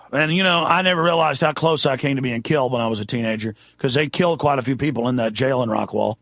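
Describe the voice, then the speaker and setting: A man from Texas hosting a talk show, ranting angrily and shouting accusations into the microphone. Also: mid-range voice, fast talker, no room sound, muffled recording. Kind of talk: angry political rant.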